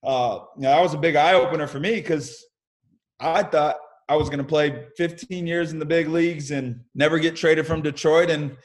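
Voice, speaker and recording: On a relaxed video-call podcast interview, a young U.S. baseball pro tells frank stories from his career. His pitch leans high and his pace is moderate. He's an energetic storyteller, casual and open, with a bit of light swearing.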